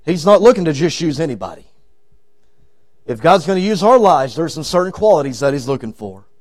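High-voiced preacher, shouting and hushing. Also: male voice, big pitch swings, a little fast. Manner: swings from loud shouting to hushed low tones; acts out the story characters in voices. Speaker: evangelist. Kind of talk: revival sermon. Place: church sanctuary.

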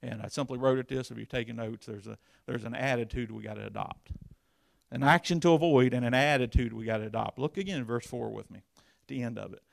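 Gravelly man preaching a fiery sermon. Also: fast, no echo, clean studio sound. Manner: emphatic, swings from low confiding to loud bursts. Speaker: pastor.

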